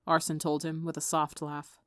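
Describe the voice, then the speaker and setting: Low-voiced woman narrating a story. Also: completely flat delivery, normal speed, dry recording, clean studio sound. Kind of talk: audiobook reading of fan fiction.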